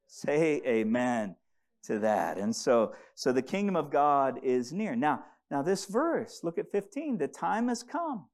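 A man's voice: a little high, sing-song, measured pace, darkish tone. A man preaching a sermon as pastor, often repeating and stumbling over words and having the congregation say verses aloud with him.

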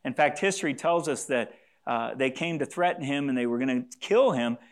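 A pastor with a medium-pitched, fairly quick voice preaches earnestly to his congregation. He repeats key phrases for emphasis and sometimes has listeners say lines back to him.

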